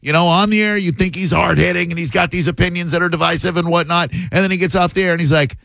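A man's voice: high voice, steady tone, fast talker, vocal fry, a bit bright, dry recording. Teasing male radio host. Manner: playful, teasing, mock-stern. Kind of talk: casual on-air banter with callers. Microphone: studio microphone.

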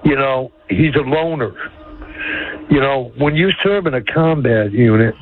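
A man's voice: medium pitch, a little slow, a little hiss or hum. Older man calling in over a tinny phone line. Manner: folksy, rambling. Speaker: caller. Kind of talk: phone-in call.

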